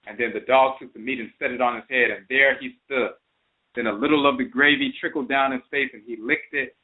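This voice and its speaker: A male host telling a folktale and explaining words, repeating each one for emphasis. His voice sits at an average male pitch. It comes through thin and narrow, like a phone call on internet radio. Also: fairly even intonation, fairly quick. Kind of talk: storytelling and explaining terms.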